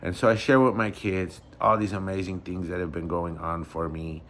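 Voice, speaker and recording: A man from Michoacán, Mexico, vlogging and telling a story in a casual, animated and conversational way, often correcting himself as he goes. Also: low voice, moderate pace, slight background noise.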